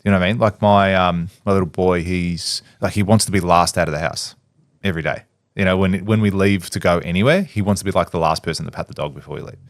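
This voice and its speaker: A man's voice: low voice, quick pace, dry recording, studio quality. A man, co-hosting a podcast in casual chat, a blunt storyteller who swears and acts out what people said. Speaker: podcast co-host.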